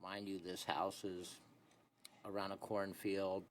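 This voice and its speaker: A young man with a low, unhurried voice tells a rambling story, leaning on fillers like "anyways" and "this and that". It sounds like a casual phone recording, with a faint hiss underneath. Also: little pitch movement. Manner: rambling, laid-back, many fillers like "anyways" and "this and that".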